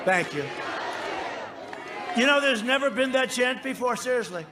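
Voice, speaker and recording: A man's voice: extremely high pitch, expressive, normal speed, very noisy. A man giving a campaign rally speech, boastful and rambling, bantering with the crowd from the stage. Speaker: political speaker at a rally. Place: outdoor rally before a large crowd.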